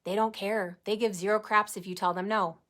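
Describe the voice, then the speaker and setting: A woman in her forties giving an energetic, chatty live training to her sales team, talking straight to her viewers. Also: mid-range voice, fairly quick. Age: 40s. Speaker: network marketing team leader.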